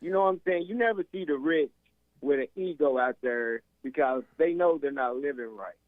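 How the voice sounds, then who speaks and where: A man's voice: on the high side, moderate pace, no echo. A male caller on a call-in show, jokey and argumentative, lecturing the host about his views. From United States. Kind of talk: phone-in chat. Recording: tinny phone line.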